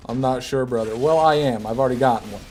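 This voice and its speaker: A man's voice: mid-range voice, fast, a little mellow, a little hiss or hum. A man streaming a video game, chatting casually with his viewers, joking and poking fun at himself. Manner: chatty, answers chat, jokey and self-deprecating. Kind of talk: casual gaming stream commentary.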